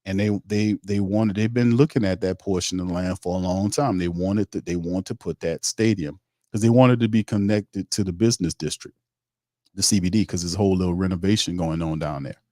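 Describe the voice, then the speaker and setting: A man's voice: low voice, brisk, warm tone, dry recording, studio quality. A man hosting a sports livestream, ranting bluntly with slang and profanity and reading viewer comments aloud. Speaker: sports podcast host.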